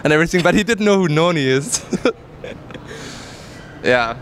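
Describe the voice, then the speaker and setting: A man's voice: fairly high pitch, animated, moderate pace, fairly bright tone. Give me a young German-accented man chatting candidly in an event interview, faint noise behind. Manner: candid, laughs easily, hesitant fillers. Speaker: pro gamer guest. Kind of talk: casual interview answers. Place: busy gaming event venue.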